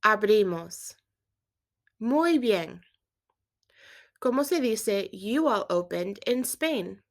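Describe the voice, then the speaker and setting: A woman teaching a Spanish lesson with a clear, patient delivery. She walks through verb endings step by step and quizzes the listener. Her voice sits at a middle pitch. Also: lively intonation, slow. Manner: clear, patient instruction with quiz prompts. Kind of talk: scripted language lesson.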